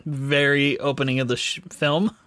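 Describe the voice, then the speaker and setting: A man's voice: mid-range voice, flat delivery, moderate pace, bright, forceful tone. A man co-hosting a podcast in casual, laugh-filled chat, swearing freely and talking loosely. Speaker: podcast co-host.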